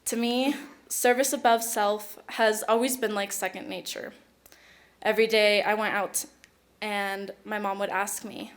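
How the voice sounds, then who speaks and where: A woman's voice: mid-range voice, fairly even intonation, a little slow. A teenage girl who speaks at home, giving an award acceptance speech, emotional and close to tears, with giggles. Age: teens. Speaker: award recipient. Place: awards event hall.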